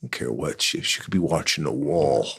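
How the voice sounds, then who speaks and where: A man co-hosting a podcast in relaxed, wry casual chat, teasing his co-host. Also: rumbling low, fairly quick, creaky, slightly rough.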